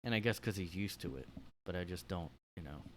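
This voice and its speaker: A man's voice: deep voice, expressive, fairly quick, fairly bright tone, a little hiss or hum, rough recording. A man hosting a solo comedy podcast, talking in a tired, rambling, laid-back way. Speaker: podcast host.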